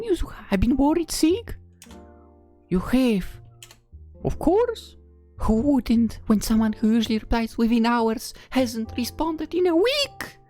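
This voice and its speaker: Caring, anxious young woman, raised pitch, read by a woman narrator. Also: darkish tone. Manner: anxious, scolding.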